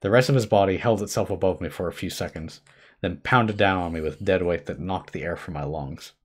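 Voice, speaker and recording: A man with a low, husky voice reads a horror story aloud for his live stream. He sits close to a desk mic and moves between hushed dread and sudden urgency. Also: fairly quick. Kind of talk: dramatic horror story reading. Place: home streaming setup.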